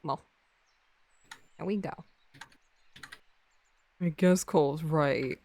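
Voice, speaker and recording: A woman's voice: low voice, very slow, dark tone, dry recording. A woman in casual chat with a playful, teasing way of talking.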